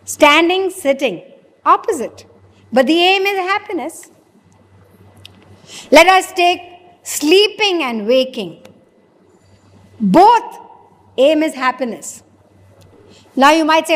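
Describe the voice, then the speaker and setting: A woman preacher, her voice pitched high as she poses questions to the audience and answers them herself. A long reverb from the hall trails after each phrase. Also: animated, takes it slowly, long pauses, fairly bright tone. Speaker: spiritual preacher. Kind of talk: sermon.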